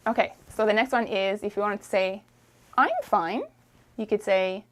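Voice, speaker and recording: A woman teaching a French lesson, repeating phrases slowly and encouraging the learner to try. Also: mid-range voice, expressive. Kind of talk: friendly language lesson.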